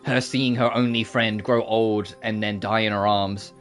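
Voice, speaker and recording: A man's voice: lowish voice, steady tone, unhurried, faint music behind. Chatty young man streaming. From United Kingdom. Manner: chatty, emotional, laughs often. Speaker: game streamer. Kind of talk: casual live commentary.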